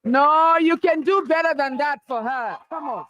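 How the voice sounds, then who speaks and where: High, playful woman hosting a live event. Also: normal speed, fairly bright tone. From South Africa. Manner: playful, teasing and rallying the crowd. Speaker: event host. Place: event venue.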